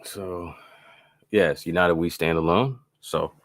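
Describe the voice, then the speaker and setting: Very deep, gravelly-voiced man. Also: fairly even intonation, takes it slowly, no room sound. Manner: rambling, loose, many fillers and restarts. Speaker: beat maker hosting a live stream. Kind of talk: casual live-stream tutorial.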